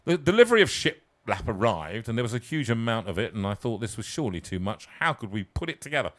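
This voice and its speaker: A man reading his own comic story aloud, theatrical and self-mocking, moving from hushed asides to loud peaks. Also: on the low side, very animated, quick pace.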